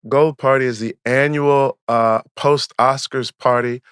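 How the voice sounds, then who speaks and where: A man in his forties chats with his co-host, his voice swinging up and down as he acts out quotes. He tells stories in an animated way. The sound is close and dry, with no room echo. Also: medium pitch, measured pace, smooth. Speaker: podcast co-host. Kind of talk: casual chat.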